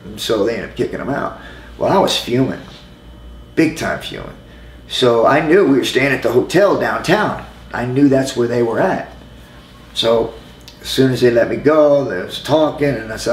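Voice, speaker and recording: A man's voice: mid-range voice, expressive, brisk. A former pro wrestler, a man, telling a rambling story in a casual interview, with many restarts and fillers. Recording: echoey room with faint noise.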